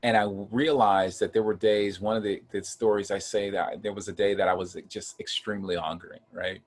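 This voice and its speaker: A man from Ohio earnestly telling a personal story of hard times in a casual chat, getting animated when he acts out quotes. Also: on the low side, fairly quick, a little hiss or hum. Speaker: guest.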